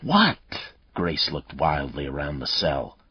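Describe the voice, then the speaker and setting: A man reading a thriller audiobook aloud in measured, dramatic narration. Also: extremely low pitch, slightly rough, dull audio.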